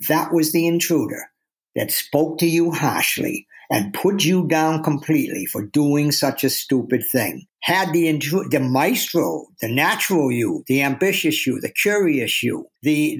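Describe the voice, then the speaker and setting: Earnest man, fairly high voice. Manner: earnest, acts out inner voices. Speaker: guest author. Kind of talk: reflective interview talk.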